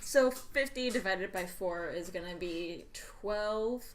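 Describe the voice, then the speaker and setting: A woman's voice: medium pitch, slow, a little hiss or hum. A woman playing in a tabletop game, chatting in an assertive way and working things out. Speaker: player. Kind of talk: casual chat at a tabletop game.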